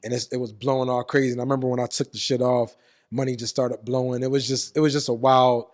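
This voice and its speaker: A man rattles through a story at a quick clip as an interview guest. He swears freely and slips into other people's voices to act out the moment. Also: medium pitch. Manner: animated, profane, acts out quotes.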